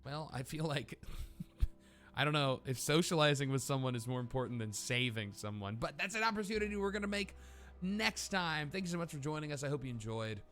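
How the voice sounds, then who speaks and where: A man hosting a let's play video, talking through his card choices out loud with lively, swooping intonation. His voice sits in an ordinary middle register, and faint music plays underneath. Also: fairly high pitch, fairly quick. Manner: animated, thinking aloud. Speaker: gaming channel host.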